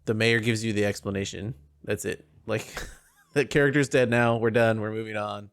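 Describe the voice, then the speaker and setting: Man, gravelly voice, dry close sound, casual podcast chat, rambling and animated. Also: on the low side, normal speed, dry recording. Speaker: podcast co-host.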